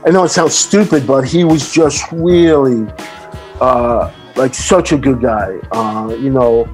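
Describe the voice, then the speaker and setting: A man's voice: medium pitch, a little slow, soft background music. A middle-aged man, a podcast guest, telling stories in casual chat and animatedly acting out the people he quotes. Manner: animated, acts out quoted voices. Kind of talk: casual storytelling.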